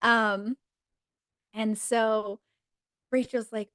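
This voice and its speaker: Giggly high-voiced woman retelling. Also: normal speed. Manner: animated retelling, laughs often, acts out quotes. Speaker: podcast guest. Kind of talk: casual chat.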